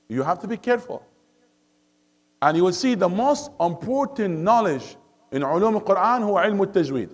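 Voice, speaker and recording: A man's voice: high voice, lively intonation, quick pace. A man teaching Quran recitation to a study circle. He switches between English and Arabic, keeps asking the class questions and recites verses melodically. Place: mosque classroom.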